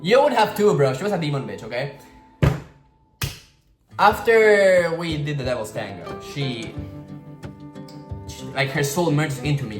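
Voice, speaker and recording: A man vlogging in a casual, rambling way, swearing freely and filling his talk with "like.". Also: medium pitch. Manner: rambling, slangy, swears freely, many "like" fillers. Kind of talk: casual storytelling vlog. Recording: roomy echo with guitar music behind.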